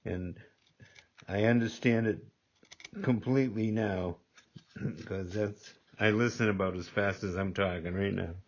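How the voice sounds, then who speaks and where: An older man with a very deep voice talks slowly through a workshop demonstration, rambling a little and repeating himself as he works. The audio is dull and lo-fi. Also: fairly even intonation. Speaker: gunsmithing instructor.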